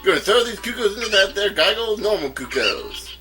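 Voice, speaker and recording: A man's voice: high voice, very animated, a little fast, voice pushed up. A man voicing a lazy, jovial middle-aged male ranch owner in a video game, with folksy country talk over game music.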